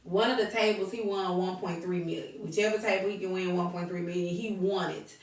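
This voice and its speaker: A middle-aged woman co-hosting a casual podcast with her husband, talking in an animated way and laughing often. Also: fairly low pitch, fairly quick. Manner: animated, laughing, quotes people in put-on voices. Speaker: podcast co-host. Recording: echoey room, mic at a distance.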